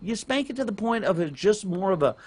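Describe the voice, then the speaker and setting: Animated middle-aged man telling a story. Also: high-pitched, a little fast, husky. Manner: animated, rambling with restarts, rises loud on emphasis. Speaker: podcast co-host and parent. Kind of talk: casual podcast storytelling.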